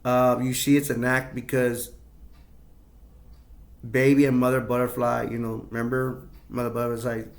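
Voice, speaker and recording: Male film reviewer, gravelly, unscripted rambling recap. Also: medium pitch, level tone, normal speed, pauses often. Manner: rambling, with many restarts and quoted imitations. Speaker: movie reviewer.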